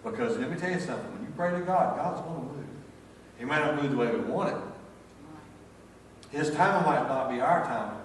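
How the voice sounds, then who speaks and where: An older North Carolina pastor with a Southern accent preaches a folksy sermon packed with personal stories, often rambling and restarting. His medium-pitched voice is lively and fairly quick, broken by long pauses. The church sanctuary recording is echoey, with a distant mic, faint ambience and a little hiss or hum.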